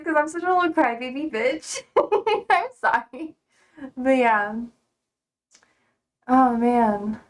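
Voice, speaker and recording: A woman's voice: a little high, animated, a little slow, long pauses. A young woman live streaming from home, chatting casually in a rambling, easygoing way, swearing offhandedly and laughing easily.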